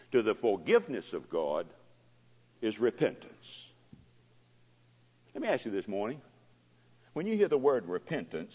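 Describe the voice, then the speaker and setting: A man preaching a sermon as pastor, his voice swelling and dropping dramatically in pitch and loudness, recorded in a church. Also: slightly rough. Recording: dull lo-fi recording with long hall reverb.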